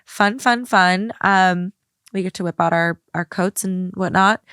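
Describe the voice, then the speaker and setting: A woman's voice: lowish voice, a little slow, fairly bright tone, smooth, dry recording, clean studio sound. A woman co-hosting a podcast in casual chat, upbeat and reassuring. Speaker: guest co-host.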